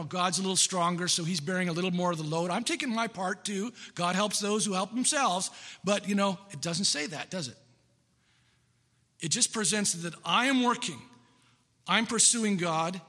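A man's voice: high voice, sharp tone, big-room sound. A man preaching a sermon in an earnest, emphatic way, repeating his key phrases for weight.

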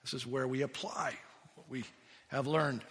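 A pastor preaches a sermon in a mid-range, slightly bright voice, keeping a steady tone and moderate pace. He's earnest and emphatic, often restarting and repeating his words, with the long reverb of a large hall around him.

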